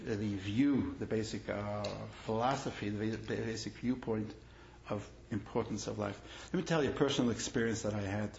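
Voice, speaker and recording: A man's voice: lowish voice, gravelly. A man, a rabbi, giving a lecture built on personal stories, repeating his phrases and growing emphatic as he tells them. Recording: echoey room, dull lo-fi sound, faint noise.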